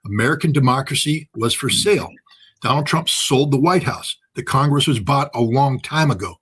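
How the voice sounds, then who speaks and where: Husky man giving emphatic political commentary. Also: medium pitch, moderate pace, fairly bright tone. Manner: emphatic, rhetorical questions.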